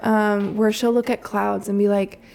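A woman in her thirties, a mother telling a story in a relaxed, chatty way, full of "like" and soft laughs. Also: mid-range voice, unhurried, creaky. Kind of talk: casual storytelling chat.

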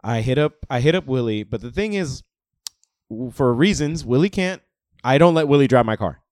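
Casual podcast co-host, man, clear resonant voice, animated storyteller. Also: medium pitch, normal speed, dry recording, clean studio sound. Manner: animated, swearing, acts out quoted voices.

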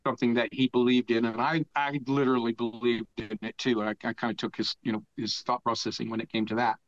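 Older American man, mid-pitch, swearing raconteur, dull dry lo-fi recording. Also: level tone, quick pace, no echo. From United States. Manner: profane, rambling storyteller who laughs mid-story. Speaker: podcast guest. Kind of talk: casual storytelling.

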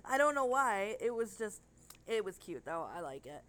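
A woman's voice: mid-range voice, very animated, normal speed, fairly bright tone. A woman co-hosting a casual podcast chat, rambling and gushing, with casual swearing. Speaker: podcast co-host.

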